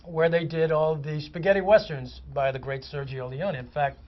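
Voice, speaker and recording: Animated comic actor spinning a story. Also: male voice, a little high, normal speed. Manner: animated raconteur, vivid descriptive detail. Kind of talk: anecdotal storytelling in a chat-show interview. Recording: muffled lo-fi audio.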